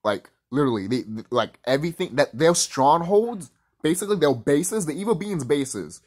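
Guy ranting on his vlog, cussing a lot, voice swings up and down, kinda high. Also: sing-song, moderate pace, darkish tone, slightly rough. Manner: profane, heated and rambling. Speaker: vlogger. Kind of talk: casual rant to camera.

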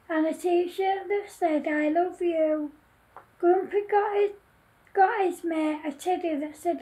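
A woman reading her own children's story aloud in a slow, deliberate, homely way. Her voice is very high yet mellow, and she takes her time over every line. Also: poor audio.

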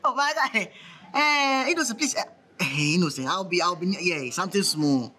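A man playing a high, stammering broke man pleading on the phone. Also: animated, normal speed, sharp tone, exaggerated voice. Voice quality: stammering, repeats words. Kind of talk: comedy skit acting.

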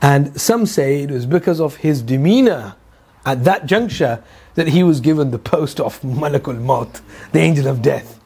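A man's voice: a little high, animated, normal speed, a little mellow, slightly rough. A man teaching a Quran lesson, telling the story with rhetorical questions, asides and hesitant repeated fillers. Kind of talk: religious lecture.

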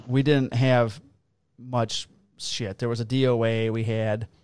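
Brief: male cop co-host, mid-pitched voice, swears freely, acts out the quotes, close dry mic. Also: slow pace, smooth, dry recording. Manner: profane, animated storyteller who acts out quotes. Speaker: police officer and podcast co-host. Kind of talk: casual chat, storytelling.

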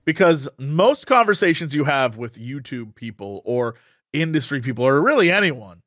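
A young man co-hosting a podcast, ranting in a casual, opinionated, animated way. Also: medium pitch, moderate pace, dry recording, clean studio sound. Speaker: podcast co-host. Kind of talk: casual chat.

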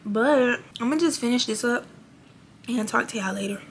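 A woman's voice: a little high, moderate pace, slight background noise. A young woman talking candidly to her viewers in a casual, slangy vlog chat. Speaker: vlogger.

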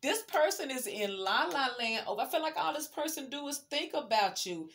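Woman, tarot reader, chatty, emphatic, talks to viewer, fairly high voice. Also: sing-song, moderate pace, a bit bright. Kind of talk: casual tarot reading.

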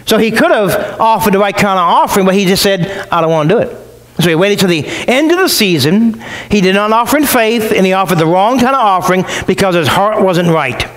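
A man's voice: high voice, lively intonation, fairly quick, fairly bright tone, poor audio. A male pastor preaching a sermon in a conversational way, acting out the voices of the people he quotes. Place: church.

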